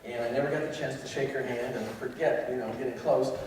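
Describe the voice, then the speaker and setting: Speaking quickly in a steady, slightly mellow, medium-pitched voice, this American university lecturer spins humorous anecdotes for a crowd. He's conversational, with plenty of fillers and false starts, and the auditorium recording is echoey, distant, and faintly noisy.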